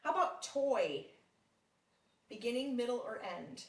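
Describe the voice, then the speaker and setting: A woman teaching a one-on-one phonics lesson, patient and encouraging, with frequent praise and slow, deliberate sounding out of words. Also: on the high side, big pitch swings, far from the mic. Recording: roomy sound from off mic.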